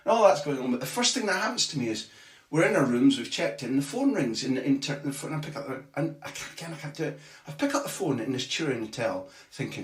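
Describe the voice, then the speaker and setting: A man who is a football journalist guest, telling a long anecdote in a lively way with casual swearing. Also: a little high, a little fast. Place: tiny bathroom. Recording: echoey small bathroom.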